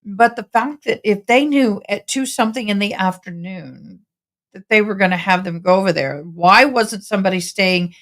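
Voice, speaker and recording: A woman's voice: mid-range voice, moderate pace, a bit bright. A tired woman, chatting casually and rambling to viewers on a home livestream. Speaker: livestream host commenting on a trial.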